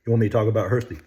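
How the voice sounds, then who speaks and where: A man's voice: on the low side, mellow, lo-fi sound. An older man chatting casually about stocks as a vlogger, folksy and chuckling often between phrases. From North Carolina, US.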